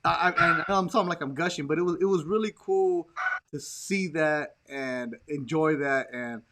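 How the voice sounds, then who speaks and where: A man hosting a casual podcast chat, telling stories in an animated way and acting out the people he quotes. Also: a little high, normal speed, a little hiss or hum. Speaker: podcast host.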